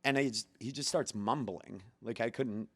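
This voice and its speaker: A man's voice: medium pitch, normal speed, slightly rough, no echo. Man telling a story on a dry mic. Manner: animated, profane, laughs mid-story. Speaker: guest comedian. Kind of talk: casual podcast storytelling.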